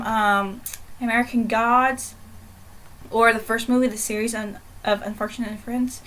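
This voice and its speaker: A woman's voice: on the high side, poor audio. Chatty young woman reviewing a book. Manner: animated, chatty, rambling with many fillers. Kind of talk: casual book review vlog.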